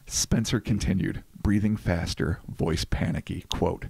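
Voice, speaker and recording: Profane joking podcast host, dry sound. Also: male voice, medium pitch, expressive, moderate pace, a little mellow, no echo. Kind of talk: casual chat and case narration.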